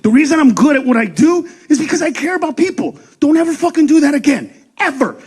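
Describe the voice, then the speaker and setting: A man doing a stand-up comedy set on a club stage, loud and profane, acting out characters in quick voices. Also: very high voice, lively intonation. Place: comedy club stage before a laughing audience.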